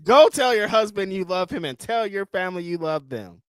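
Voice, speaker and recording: A man co-hosting a casual livestream, teasing and swearing. His pitch jumps around a lot, and the sound is close and dry, with no room echo. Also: expressive, normal speed, a bit bright, smooth. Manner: teasing, swears freely, playfully incredulous. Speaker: co-host of a wrestling review show.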